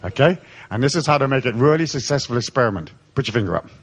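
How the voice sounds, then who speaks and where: A man's voice: mid-range voice, expressive, quick pace, breathy edge. A man giving a live seminar talk to an audience, irreverent and playful, swearing freely as he tells stories. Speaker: seminar speaker.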